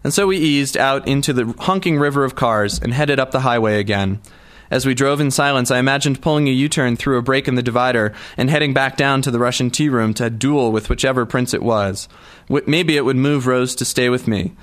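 A man's voice: mid-range voice, brisk, a bit bright. A male narrator reading a first-person story aloud in a wry, dry manner. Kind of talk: audiobook narration.

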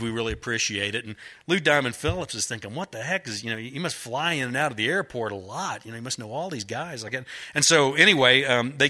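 A man's voice: fairly low pitch, pushed and bright. A middle-aged man, an author telling rambling, folksy stories to a live audience, full of fillers. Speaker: author at a book event.

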